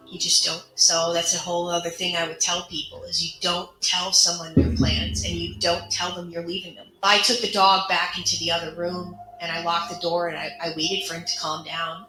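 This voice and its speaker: An earnest woman with a bright, clear tone recounts her own experience in a candid, conversational way. Her voice carries a roomy echo, with faint music underneath. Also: fairly low pitch, little pitch movement, moderate pace, hardly any pauses. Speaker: survivor sharing her story. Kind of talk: personal storytelling monologue.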